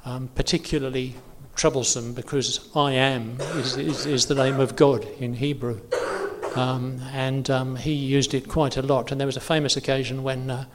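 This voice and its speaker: A man's voice: mid-range voice, level tone, moderate pace, a little hiss or hum. A man preaching in an informal teaching talk, chatty and self-correcting with many fillers. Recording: long hall reverb.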